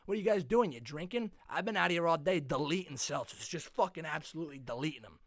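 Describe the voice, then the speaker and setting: A man's voice: fairly high pitch, lively intonation, quick pace, no echo, studio quality, voice pushed up. A man putting on a rowdy drunk Boston guy. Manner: brash, swaggering, profane.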